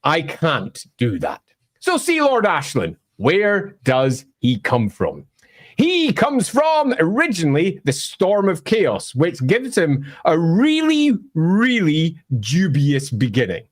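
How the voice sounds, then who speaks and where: Scottish male lore presenter, somewhat high, very lively delivery, opinionated and wry. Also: slow pace. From Scotland. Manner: emphatic, wry, bursts into mock voices.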